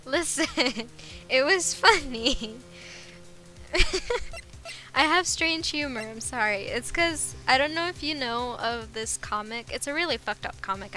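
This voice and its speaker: Giggly bright-voiced woman streamer. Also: a little high, poor audio. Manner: giggly, chatty, apologetic. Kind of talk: casual game livestream chat.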